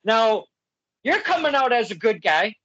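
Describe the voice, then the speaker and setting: Animated man hosting a lo-fi interview. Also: extremely high pitch, a little slow. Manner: animated storyteller, acts out quotes, laughs often. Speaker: podcast host. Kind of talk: casual interview chat. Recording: dull lo-fi sound.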